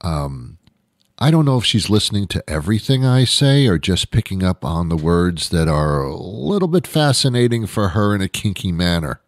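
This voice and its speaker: A man's voice: low voice, lively intonation, moderate pace, no room sound, clean studio sound. Sarcastic, rambling man hosting a comedy show. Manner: sarcastic, rambling, self-mocking. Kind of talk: satirical comic monologue. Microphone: close studio microphone.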